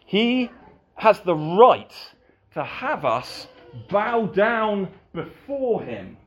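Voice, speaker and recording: Slow, lively male preacher. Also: high voice, muffled recording. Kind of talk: sermon.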